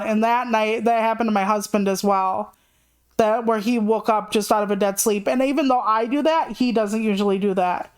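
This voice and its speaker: A woman's voice: mid-range voice, clean tone. Frank, rambling woman streamer. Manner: rambling, frank, swears freely. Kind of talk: casual chat on a livestream.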